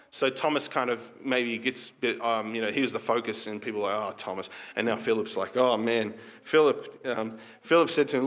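A man's voice: mid-range voice, normal speed, fairly bright tone. A pastor preaching a conversational sermon to his congregation, asking rhetorical questions and reading scripture aloud.

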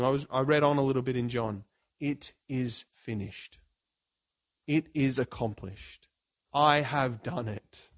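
A middle-aged pastor preaching a sermon, earnest and emphatic with dramatic pauses. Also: male voice, medium pitch.

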